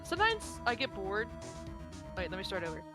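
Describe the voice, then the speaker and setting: A woman's voice: medium pitch, wildly swooping pitch, a little fast. A woman co-hosting a game stream, chatting casually and telling rambling, giggly stories. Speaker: streamer co-host. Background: game music.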